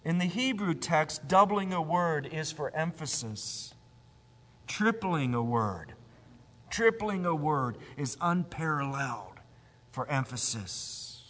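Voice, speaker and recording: A man preaching a sermon, emphatic, rising to loud cries and sinking to a low hush. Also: animated, slow, long reverb tail.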